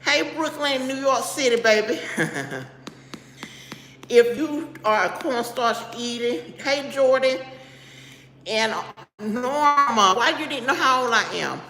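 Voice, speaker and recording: A woman's voice: fairly high pitch, expressive, slow pace, sharp tone, a little hiss or hum. A middle-aged woman hosting a casual live stream. She talks bluntly and keeps breaking off to greet viewers by name. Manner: chatty, greets viewers by name mid-sentence; blunt and straight-talking. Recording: echoey room with long reverb.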